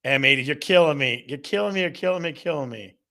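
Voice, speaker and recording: A man's voice: fairly high pitch, quick pace, creaky, sharp tone. A man hosting a casual live show, upbeat and playful, reading out viewer comments from the chat. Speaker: host of a real estate live show.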